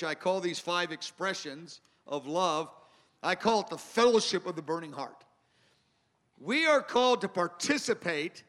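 A man's voice: sits high, bright, forceful tone. A man preaching a sermon, earnest and emphatic, circling back to repeat his key phrases. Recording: long hall reverb.

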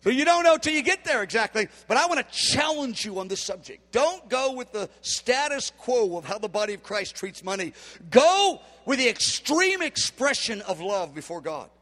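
A man's voice: very high voice, big pitch swings, moderate pace, fairly bright tone. A man in his fifties preaching a sermon, emphatic and acting out the dialogue he quotes. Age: 50s. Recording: long hall reverb.

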